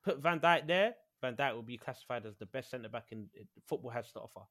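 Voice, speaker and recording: A man in a casual podcast debate, excitable and pleading, talking over the others. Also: mid-range voice, fairly quick. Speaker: podcast panelist, Liverpool fan.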